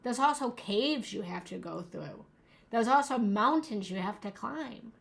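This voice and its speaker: A woman's voice: fairly high pitch, animated, measured pace, gravelly. A young adult woman giving a motivational talk as a relationship coach, earnest and emphatic, repeating key phrases.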